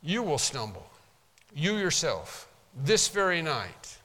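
A man preaching from the pulpit, emphatic and stressing his words. His voice sits high for a man and sounds bright and forceful. A long reverb hangs behind him from the sanctuary. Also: very animated, takes it slowly. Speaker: pastor. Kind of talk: sermon. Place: church sanctuary.

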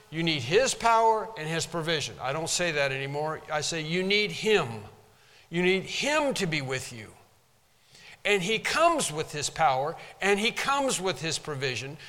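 A man's voice: high-pitched, sharp tone, big-room sound. A man preaching a sermon as pastor from a pulpit, in an emphatic manner that stresses single words and sometimes pounds the pulpit. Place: church sanctuary.

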